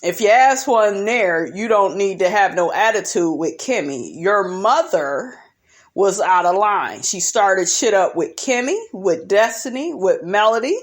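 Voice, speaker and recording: A woman's voice: medium pitch, expressive, measured pace. A woman giving a blunt, brash and profane commentary on a reality TV episode, often breaking into laughter. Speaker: reality show recap vlogger.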